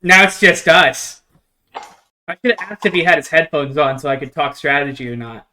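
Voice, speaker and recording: A man with a fairly high, bright voice chats casually as he streams a tabletop wargame. He speaks playfully and hesitantly, with plenty of fillers. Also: moderate pace. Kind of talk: casual chat while playing a tabletop wargame.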